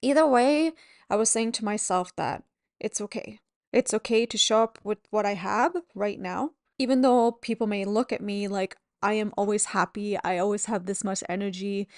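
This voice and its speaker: A woman hosting a podcast as a yoga teacher, talking in a gentle, candid and reassuring way at home. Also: mid-range voice, dry recording, clean studio sound. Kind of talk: reflective solo podcast talk. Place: at home at a table.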